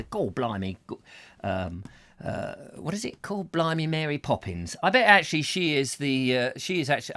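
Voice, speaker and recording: A man's voice: medium pitch, fairly bright tone. A man hosting a casual show, rambling and reading out comments, often breaking into silly songs and voices. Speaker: host.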